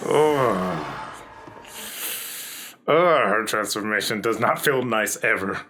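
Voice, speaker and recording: A man's voice: fairly low pitch, lively intonation, slow, sharp tone, a little hiss or hum. A man hosting a reaction video, chatting casually and jokingly as he comments. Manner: chatty, jokey, laughs often.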